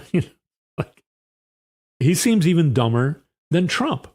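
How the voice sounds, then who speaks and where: A man's voice: fairly high pitch, big pitch swings, slow pace, a little mellow, husky. A man hosting a political commentary show, sarcastic and often sighing. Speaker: host.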